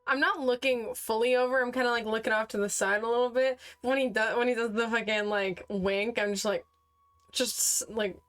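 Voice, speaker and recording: Woman player, slightly higher voice, casual and giggly, crude. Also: fairly even intonation, normal speed, fairly bright tone, faint music behind. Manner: laughing, swearing, describes her character's actions. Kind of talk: casual tabletop play.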